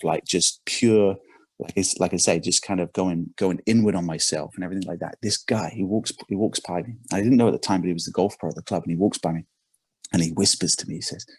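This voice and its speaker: A performance coach from England tells an animated story during a podcast interview, frequently repeating his words. He has a deep, breathy-edged voice, captured in a dry recording.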